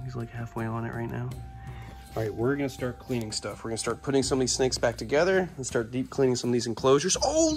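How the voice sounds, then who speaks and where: An enthusiastic man narrates his snake-keeping chores in a relaxed vlog voice. He talks to the animals as he works and lowers his voice near them. Music runs clearly behind him. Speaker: reptile keeper and show host. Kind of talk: casual vlog narration while working.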